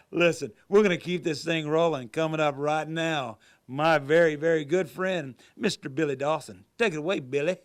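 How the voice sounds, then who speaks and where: Comedian host, man, smooth voice, easygoing. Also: on the high side, normal speed. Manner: jokey, folksy. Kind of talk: casual live-stream hosting.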